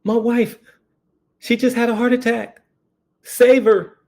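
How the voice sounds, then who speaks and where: A man voicing a panicked, grieving old man who wails in high, broken cries. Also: huge pitch swings, takes it slowly, creaky, a little mellow, heavily acted. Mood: frantic.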